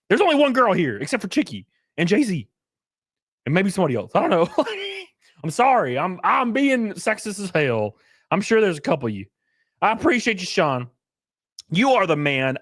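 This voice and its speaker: A man hosting his livestream in casual chat, loud and joking, who breaks into sudden yelps of excitement. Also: high-pitched, normal speed, no room sound, studio quality. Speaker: streamer host.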